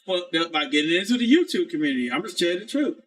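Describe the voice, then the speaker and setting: Male streamer, casual rambling rant, profane, slightly high voice. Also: very animated, quick pace, fairly bright tone. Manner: rambling, profane, keeps saying "you know what I'm saying". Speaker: live streamer.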